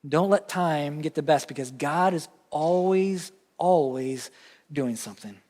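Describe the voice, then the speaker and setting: A man's voice: on the high side, unhurried, a little mellow. A man with a Southern American accent preaching a sermon as pastor, conversational and earnest, leaning on emphatic repetition. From Southern United States. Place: church sanctuary. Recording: long church reverb.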